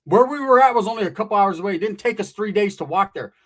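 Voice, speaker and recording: A man telling a wild story casually, profane and animated, jumping in and out of acted quotes. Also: high-pitched, fast.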